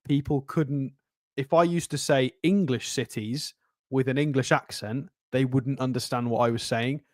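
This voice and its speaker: A man co-hosting a football podcast, talking through a player in a quick, casual, analytical way. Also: mid-range voice, fairly even intonation, dry recording, clean studio sound. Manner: chatty, fast, analytical. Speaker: co-host.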